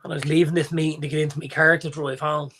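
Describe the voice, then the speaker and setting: Animated Irish man in his forties. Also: a little high, very fast, slight background noise. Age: 40s. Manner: animated storyteller, acts out quotes. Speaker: podcast co-host. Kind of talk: casual chat.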